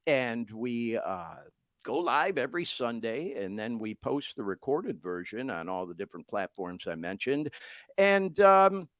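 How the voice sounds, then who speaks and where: A man's voice: mid-range voice, very animated, unhurried, fairly bright tone, no room sound, studio quality. A middle-aged man hosting a podcast in a casual, candid monologue, speaking straight to his listeners and swearing freely. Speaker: podcast host.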